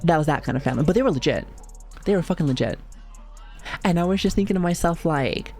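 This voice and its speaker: Woman in her 30s rambling on stream, low voice that jumps around a lot, swears and laughs a bunch, faint music behind. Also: animated, quick pace, long pauses, darkish tone. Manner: acts out quoted voices of family. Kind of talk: casual livestream chat.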